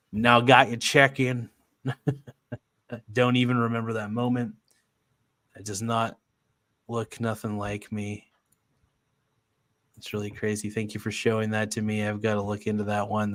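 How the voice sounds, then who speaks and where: A man's voice: on the low side, completely flat delivery, moderate pace, pauses often, fairly bright tone, no room sound. A man hosting a casual livestream, reading viewer comments aloud and laughing often. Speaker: livestream host.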